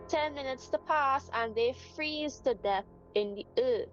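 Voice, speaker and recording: A woman playing a tabletop game, talking quickly and insistently, partly in character. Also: a little high, lively intonation, lo-fi sound, soft background music. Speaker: player. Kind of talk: casual tabletop game chat.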